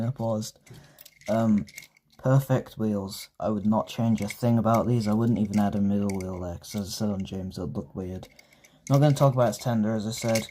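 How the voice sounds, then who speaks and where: A man giving a casual toy review, talking in an excitable, rambling way and often breaking off mid-sentence. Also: lowish voice, slight background noise. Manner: rambling, excitable, self-interrupting.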